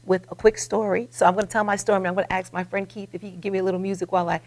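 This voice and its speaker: A woman in her forties hosting a web talk show, telling a motivational story in an animated, dramatic way. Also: mid-range voice, very fast. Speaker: host.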